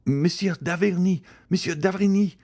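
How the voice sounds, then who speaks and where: An anxious, devoted young noblewoman in an audiobook, as a male narrator puts her on. Her pleading voice is pitched well above his own and climbs into high, frantic cries. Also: animated, normal speed, mellow, husky. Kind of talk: audiobook character voice.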